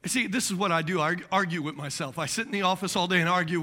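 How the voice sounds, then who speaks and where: A middle-aged man preaching a sermon as pastor, animated and jokey, acting out quoted voices and dropping into muttered asides. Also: high voice, brisk.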